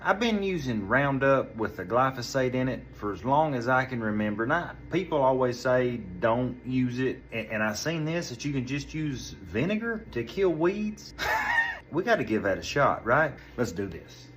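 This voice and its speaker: Lively man demonstrating a garden trick. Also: mid-range voice, normal speed, slight background noise. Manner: laughing, lively, informal. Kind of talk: home video demonstration.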